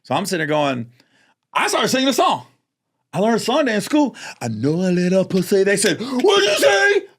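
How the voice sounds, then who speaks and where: A man with a fairly high voice that leaps up and down as he tells a story on a casual podcast. He acts out other people's voices along the way and breaks into laughter often. He is a lively, animated guest. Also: a little fast. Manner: laughs often while talking.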